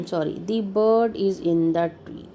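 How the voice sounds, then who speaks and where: A woman reads easy children's stories in a very slow, careful way. Her voice sits low and has a gravelly edge. Behind her is a faint hum of room noise. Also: mellow, low-quality recording. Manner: slow, deliberate reading with little comments and throat clearing. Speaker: English teacher for children. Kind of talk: reading simple stories aloud to kids.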